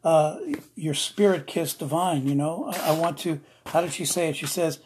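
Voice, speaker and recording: A man preaching an emotional sermon, earnest and repetitive, slowing down to stress his words. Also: fairly high pitch, steady tone, darkish tone, a little hiss or hum. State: emotional, near tears.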